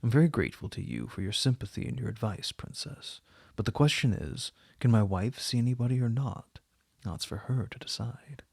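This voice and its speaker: A cold, dignified middle-aged official, as a male reader puts him on, speaking with stiff formality. The voice is gravelly and husky, recorded dry and close. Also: medium pitch, normal speed, a little mellow, no echo.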